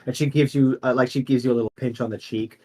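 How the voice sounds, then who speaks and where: A man's voice: medium pitch, fairly even intonation, fast talker, mellow. A man narrating as game master in a casual way, with many fillers.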